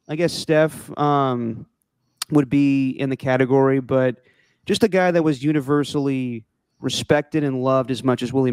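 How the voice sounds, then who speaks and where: A man co-hosting a sports podcast, talking in a relaxed, reflective way with fillers. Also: mid-range voice, smooth, no room sound, studio quality. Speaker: podcast co-host. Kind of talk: casual sports chat.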